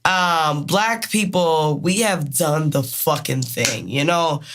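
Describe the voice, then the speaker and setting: Woman with a Maryland accent, twenties, podcast co-host, candid, swears freely, lively storyteller. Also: low voice, slow. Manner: candid, profane, animated storytelling. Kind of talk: casual podcast chat.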